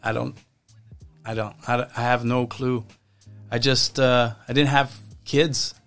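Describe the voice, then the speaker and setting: A man speaking as a podcast guest, telling his life story in a halting way and often repeating his words. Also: mid-range voice, steady tone, fairly bright tone, faint music behind. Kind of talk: personal testimony in casual conversation.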